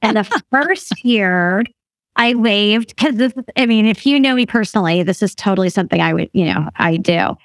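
With a mid-range voice at a normal pace, a fifty-something female guest recounts a story in casual conversation, laughing frequently and animatedly mimicking others. The audio is dry and clean, studio quality.

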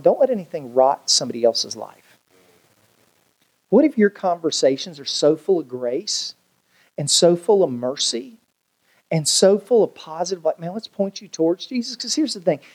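A man's voice: sits high, husky. A man preaching a sermon as a pastor, telling funny everyday stories and acting out the people in them. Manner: humorous storytelling, animated quoted voices.

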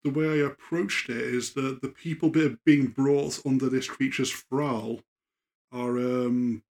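A man's voice: mid-range voice, steady tone, unhurried, darkish tone. A man, a guest horror writer, talking thoughtfully in casual podcast chat with many fillers.

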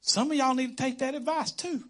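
A man preaching a casual, conversational sermon as a pastor, animated and quick to laugh. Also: very high voice. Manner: animated, conversational, laughs often, acts out quotes.

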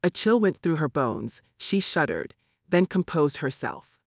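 A man narrating an audiobook in a measured, even storytelling manner. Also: a little high, dry recording, studio quality.

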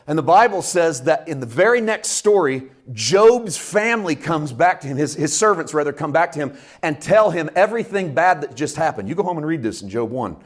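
Man, sermon, animated preacher, lively swinging pitch, somewhat high voice. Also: a little fast, hardly any pauses. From Canada. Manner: animated preaching with big swings in loudness and pitch, acting out quotes. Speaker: pastor.

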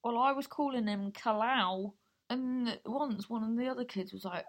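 A woman's voice: a little high, normal speed. A young adult woman comedian telling stories in a casual, rambling way, full of asides and swearing. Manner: rambling, chatty, swears freely, lots of fillers and asides. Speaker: stand-up comedian. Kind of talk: casual storytelling chat.

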